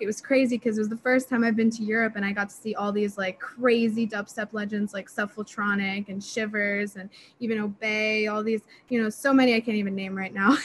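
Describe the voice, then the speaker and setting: A young woman, a DJ and producer, answering interview questions in an excitable, chatty way full of fillers. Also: mid-range voice, a little hiss or hum, rough recording. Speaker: DJ and music producer.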